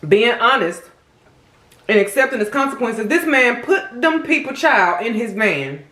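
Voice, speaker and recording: Lively sassy woman vlogger. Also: on the high side, unhurried, reverberant. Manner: animated, sassy, talks straight to viewers. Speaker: mukbang host. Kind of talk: casual true-crime storytelling while eating.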